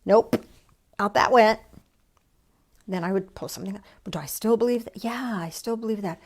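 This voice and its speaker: A woman's voice: mid-range voice, moderate pace. A woman leading an online church service, preaching conversationally, asking herself questions and answering them aloud, with a folksy, self-deprecating touch.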